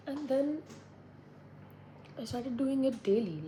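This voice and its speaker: Musing aloud by a window indoors, a twenty-something vlogger talks to herself in a rambling, reflective monologue. She speaks a little slowly, pausing often, in a warm voice on the low side. The recording is rough, with slight background noise.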